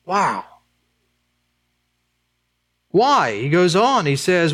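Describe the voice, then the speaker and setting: Male pastor, sermon delivery, higher-pitched voice, rhetorical questions, emphatic swings from urgent to hushed. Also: very animated, slow, long pauses. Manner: emphatic, rising to high urgent peaks then dropping low and quiet; addresses the congregation with rhetorical questions.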